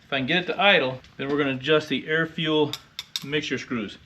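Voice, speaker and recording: A man's voice: a little high, fairly quick, dull audio, heavy background noise. An older man wisecracking bluntly as he walks through a motorcycle repair in his garage, in casual how-to narration. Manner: wisecracking, blunt, explains as he works. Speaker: motorcycle restorer.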